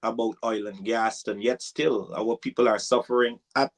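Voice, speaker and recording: A man's voice: mid-range voice, normal speed, creaky, hardly any pauses. A man hosting a political discussion, speaking hesitantly with some stammering. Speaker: host.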